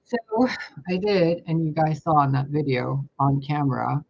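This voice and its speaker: A man casually telling a story to camera, animated and profane, laughing often as he talks. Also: fairly high pitch, moderate pace, creaky, highs cut off. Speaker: spiritual vlogger.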